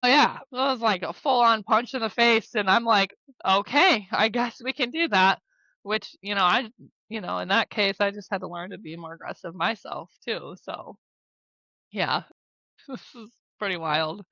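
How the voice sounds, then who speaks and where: A woman's voice: medium pitch, moderate pace, pushed and bright, dry recording. A woman in her thirties from South Dakota with a Midwestern American accent, telling stories in a casual podcast interview, full of "like" and "you know" and easy laughs. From South Dakota, USA. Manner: chatty, lots of "like" and "you know", laughs easily. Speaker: podcast guest, former basketball player and therapist. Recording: slightly dull dry podcast audio.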